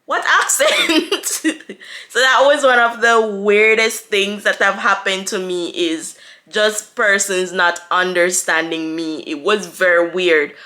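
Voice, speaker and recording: A woman's voice: medium pitch, steady tone, pushed and bright. A young woman from Jamaica with a Jamaican accent, chatting casually to the camera and answering viewer questions, laughing often. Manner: chatty, laughs often, quick with playful asides. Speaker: vlogger. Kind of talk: casual Q&A vlog.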